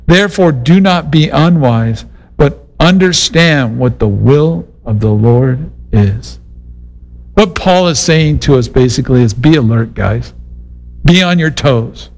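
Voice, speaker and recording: A man's voice: mid-range voice, animated, unhurried, darkish tone, poor audio. A middle-aged man preaching a sermon in a casual, conversational way, mixing Bible teaching with a personal story. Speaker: pastor.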